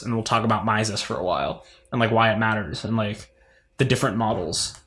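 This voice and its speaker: A man's voice: fairly low pitch, animated, quick pace, a bit bright. A young man co-hosting a podcast, telling stories in a rambling, filler-heavy way with frequent laughs. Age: young adult. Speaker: podcast co-host. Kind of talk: casual chat.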